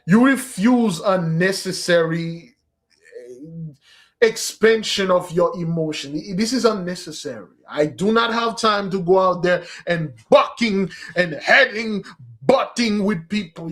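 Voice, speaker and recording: Taking his time, a man with a fairly high, somewhat bright voice delivers a fasting-day sermon. He stresses his spiritual message emphatically, calls the audience "beloved," and lapses into street slang.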